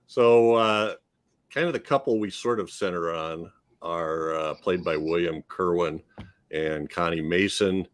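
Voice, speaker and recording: A man hosting a casual film-review podcast, rambling and hesitant with fillers. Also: low voice. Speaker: podcast host.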